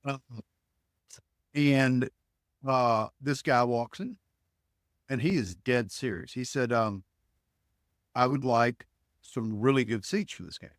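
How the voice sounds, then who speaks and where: A middle-aged man from Alabama spins yarns as a podcast guest, acting out both sides of conversations and stumbling into quick restarts. His voice sits at an ordinary pitch, recorded close and dry with no room sound. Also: dry recording. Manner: animated storyteller, acts out dialogue, frequent restarts. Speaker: guest, ticket broker. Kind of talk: storytelling in a podcast interview.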